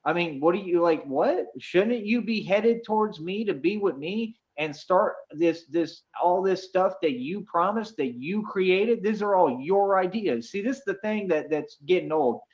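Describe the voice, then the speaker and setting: Man, high voice, insistent, lecturing, dull lo-fi clip audio. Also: expressive, measured pace, few pauses, darkish tone. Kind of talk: ranting video clip.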